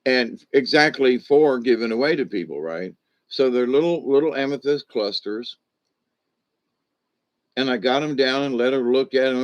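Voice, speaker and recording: An older man telling personal stories to his channel in a casual, halting way, often restarting his sentences. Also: medium pitch. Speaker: channel host. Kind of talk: casual rambling storytelling.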